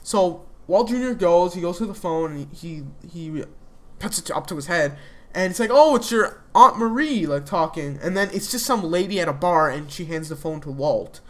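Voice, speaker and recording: A young adult reviewer talks through a TV episode at normal speed in a mid-range voice. It's a loose, rambling recap, thick with fillers and restarts.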